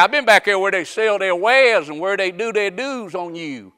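Male preacher, high bright tenor, homespun sermon with shouted peaks. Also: big pitch swings, fast, few pauses, smooth. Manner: folksy Southern preaching, rising to shouts.

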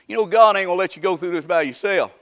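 A man preaching a folksy sermon that swings from quiet talk up to shouting. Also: high-pitched, fast talker, clear, resonant tone.

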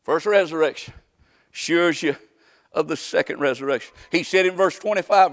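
A man preaching a sermon, shouting some lines and hushing others, with folksy repeated questions to his congregation. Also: a little high, moderate pace. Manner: swings from shouted calls to hushed asides.

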